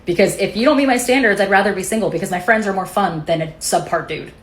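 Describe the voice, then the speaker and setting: A woman's voice: medium pitch, quick pace. A woman talking to camera in an assertive, dismissive way. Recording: roomy echo.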